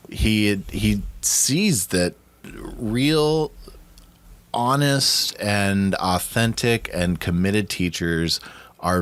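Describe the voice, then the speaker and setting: A man co-hosting a casual podcast, talking in an earnest, thoughtful way and restarting words as he builds his point. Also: sits low. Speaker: podcast co-host. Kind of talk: casual rewatch podcast chat.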